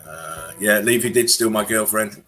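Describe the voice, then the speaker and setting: A man hosting a casual livestream chat, relaxed and rambling as he greets viewers and laughs between remarks. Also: lowish voice, moderate pace, faint music behind. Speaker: livestream host.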